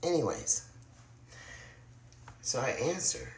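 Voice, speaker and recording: Adult vlogger spilling a ghost story, talks right to the viewers, goes quiet and murmury sometimes, kinda echoey room. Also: medium pitch, huge pitch swings, slow pace, slight background noise. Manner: confiding, addresses viewers directly, drops to hushed murmurs. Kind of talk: casual spoken storytelling to camera.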